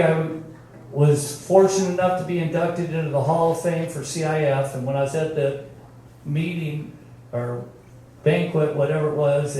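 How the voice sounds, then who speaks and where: Older man, slow speech in echoing hall. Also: fairly high pitch, mellow, a little hiss or hum. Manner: folksy, storytelling, emphatic. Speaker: former football coach. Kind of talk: speech at a team reunion. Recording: very echoey, from far off.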